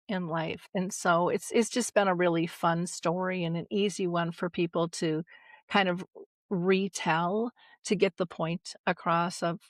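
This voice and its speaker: Animated woman storyteller, dry close sound. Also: fairly low pitch, dry recording. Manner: animated, emotional storyteller who acts out voices. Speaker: guest, dementia caregiving advocate. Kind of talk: conversational storytelling.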